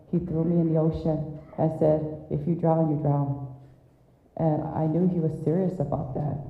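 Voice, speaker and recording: A low-voiced middle-aged woman gives a candid eulogy for her father, telling stories with wry self-deprecating asides. Her voice rings in an echoey hall. It comes through thin and tinny, like a phone line. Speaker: daughter giving a eulogy. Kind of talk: personal memorial speech.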